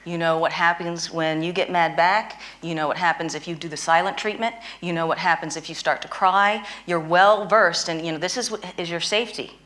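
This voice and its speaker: A woman's voice: lowish voice, fairly even intonation, brisk, hardly any pauses, fairly bright tone. A woman interviewing a guest and teaching a tapping technique, emphatic and prone to repeating phrases for stress. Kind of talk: instructional conversation.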